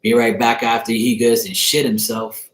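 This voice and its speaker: A man's voice: mid-range voice, little pitch movement, normal speed. A man hosting a tarot channel, telling a profane story in a casual, laughing rant. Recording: roomy echo.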